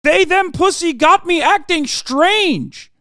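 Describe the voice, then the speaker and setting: A man's voice: very high voice, slow, dry recording, clean studio sound, pitched above the performer's own voice, exaggerated voice. A man doing a squealing, mocking pundit caricature. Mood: mocking, shrill. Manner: squealing, exaggerated, near-shouting mockery.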